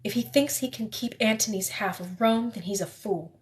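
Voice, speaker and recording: A woman's voice: mid-range voice, normal speed, natural voice. A woman reading aloud, voicing a proud and bitter queen mother who speaks in curt commands.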